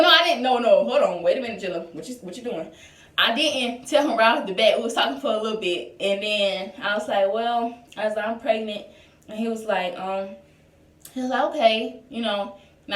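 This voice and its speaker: A young woman chats through a personal story for her vlog, loose and conversational, peppering it with "like" and "y'all". Her mid-pitched voice sits a little away from the mic, and the room around her echoes. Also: recorded from a distance. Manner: chatty, lots of "like" and "y'all". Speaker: vlogger. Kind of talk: casual storytime.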